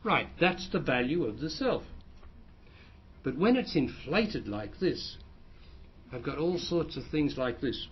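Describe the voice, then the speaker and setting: Husky man explaining patiently. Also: fairly high pitch, sing-song, unhurried, pauses often. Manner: plain explanatory, repeats and restarts phrases. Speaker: spiritual teacher. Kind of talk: answering audience questions. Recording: dull lo-fi recording.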